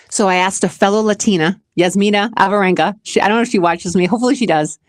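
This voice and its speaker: A woman's voice: mid-range voice, fast talker, hardly any pauses. Chatty, emotional woman from Massachusetts. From Massachusetts, USA. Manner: chatty and emotional, laughs often, restarts a lot. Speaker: show host and community founder. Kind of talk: casual vlog answering questions.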